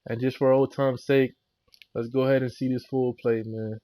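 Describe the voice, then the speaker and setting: A man's voice: medium pitch, little pitch movement, moderate pace, warm tone. A young man ranting heatedly as a fan vlogger, slangy and repetitive. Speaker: sports vlogger. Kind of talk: casual fan rant.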